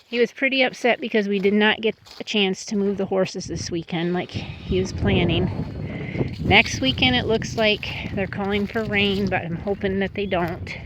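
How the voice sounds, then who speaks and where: A woman's voice: mid-range voice, moderate pace, noisy background. Chatty woman cooing at her horses. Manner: chatty, coos and scolds animals in baby talk. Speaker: homestead farmer. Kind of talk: casual vlog talking to her horses. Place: outdoors at a farm.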